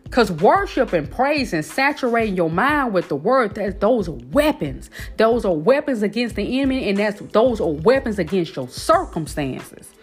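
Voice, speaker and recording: Animated woman preaching on a faith podcast. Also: medium pitch, moderate pace, hardly any pauses, slightly rough, faint music behind. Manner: animated, emphatic, talks straight to listeners. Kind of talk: casual faith talk, preaching.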